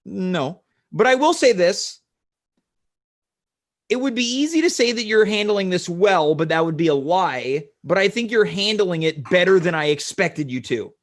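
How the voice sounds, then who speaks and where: A man hosting a comedy talk show, asking earnest questions in a deadpan way. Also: high-pitched, moderate pace. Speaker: host.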